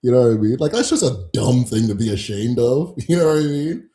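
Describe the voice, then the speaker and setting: Man, casual rant, mocking and profane, pitch swings widely, echoey room. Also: a little fast. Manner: animated, mocking, profane, laughs often. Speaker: host of a channel on Igbo spirituality. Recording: roomy echo.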